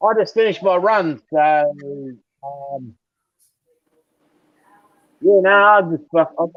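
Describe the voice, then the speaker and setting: A man's voice: a little high, slow pace, dry recording. A man with an Australian accent, a guest on a live stream, rambling and swearing casually. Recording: muffled audio over a call.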